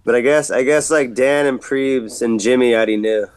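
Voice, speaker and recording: Skater guest, thirties, laid-back slangy talker, smooth resonant voice, dry close sound. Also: male voice, mid-range voice, moderate pace, no room sound. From San Diego. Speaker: podcast guest, pro skateboarder. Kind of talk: casual storytelling chat.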